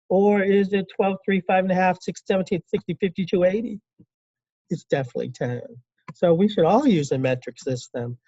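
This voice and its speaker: Dark-voiced man lecturing a class. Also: high-pitched, dry recording, lo-fi sound. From California. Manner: conversational, asks the class questions and acts out little quotes. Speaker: teacher.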